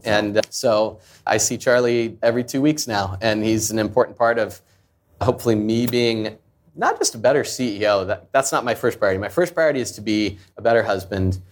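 Earnest man telling a candid story. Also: mid-range voice. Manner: earnest, confessional, acts out quoted voices. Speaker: founder and CEO, guest.

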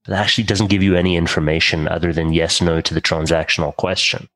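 A man's voice: sits low, fairly even intonation, quick pace, a bit bright, low-quality recording. A man hosting an interview, asking the guest long, thoughtful questions. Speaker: podcast host.

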